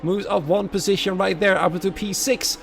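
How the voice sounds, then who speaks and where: A sim racing commentator with a Dutch accent, his slightly high voice carrying a gravelly edge. He chats quietly with viewers during the lulls and gets louder and livelier once the cars are racing. A faint hiss sits under the recording. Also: moderate pace. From Netherlands. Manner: quiet and chatty while waiting, lively and louder once the race starts. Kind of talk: live race commentary.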